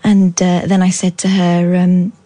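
A chatty British woman, a late-night radio host, telling stories with playful jokes and asides. Her voice sits a little low, and it sounds close and dry from a studio mic. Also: brisk, darkish tone, no room sound. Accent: British English. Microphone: studio microphone.

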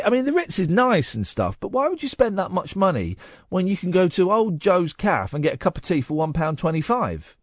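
A man's voice: high-pitched, dry recording. A man hosting a late-night radio show in a studio, chatting in a playful, teasing, rambling way. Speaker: radio host. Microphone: studio microphone.

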